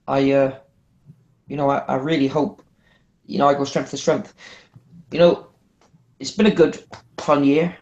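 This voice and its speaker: A young man, a wrestler guest, telling rowdy stories in a loose, animated way, repeating himself and dropping "man" and "like" as he goes. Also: a little high. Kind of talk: casual anecdote telling.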